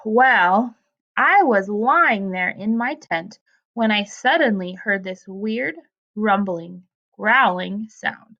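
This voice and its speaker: A woman voices a gentle, soft-spoken young troll boy in a storybook. He talks in an earnest, mild way. The recording is dull and lo-fi. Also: medium pitch, lively intonation, takes it slowly, full character voice. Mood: spooky storytelling.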